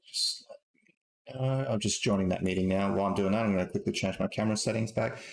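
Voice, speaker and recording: A man's voice: lowish voice, fast, creaky. A man hosting a casual tech live stream, rambling with lots of ums and restarts as he corrects himself. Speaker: host. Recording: roomy echo.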